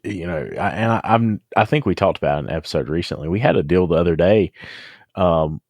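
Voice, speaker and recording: A man hosting a podcast in casual chat, often checking in with a quick "right?". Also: low-pitched, expressive, darkish tone, no room sound. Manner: conversational, checks in with listeners by asking "right?".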